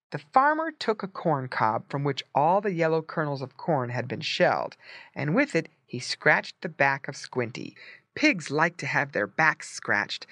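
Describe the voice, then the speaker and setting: Storybook narrator for English learners: clear, gently explaining, bright tone, animated delivery, dry close mic. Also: mid-range voice, no room sound.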